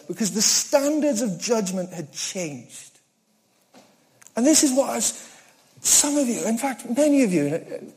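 A man preaching a sermon in an earnest, conversational way, with self-deprecating humor and swings from loud emphasis to hushed asides. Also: sits high.

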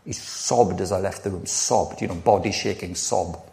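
A man's voice: sits low, normal speed, gravelly, dark tone. A middle-aged man preaching a sermon, earnest and conversational, telling personal stories with frequent restarts. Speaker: pastor.

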